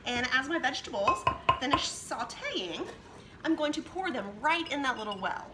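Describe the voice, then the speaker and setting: A woman's voice: high-pitched, sing-song, normal speed, very noisy. A woman hosting a home cooking demonstration, chatting her way through each step as she works in her kitchen. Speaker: cooking show host.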